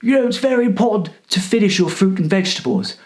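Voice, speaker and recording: A man's voice: high voice, animated, quick pace, darkish tone, voice pushed up. A man putting on a fussy old cleaner. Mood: prim. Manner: prim, chirpy and meddling. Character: fussy old male cleaner, nosy ex-casting director.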